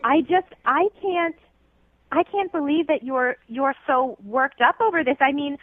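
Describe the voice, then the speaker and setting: A woman's voice: high-pitched, unhurried, no echo. A woman on the phone to a radio show, flustered and hesitant, stumbling over her words. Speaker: caller. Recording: tinny phone line.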